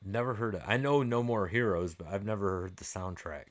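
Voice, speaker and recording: A middle-aged man with a voice on the low side talks briskly while hosting a livestream. He replies to viewer comments in a relaxed, chatty way, swearing a lot and laughing often.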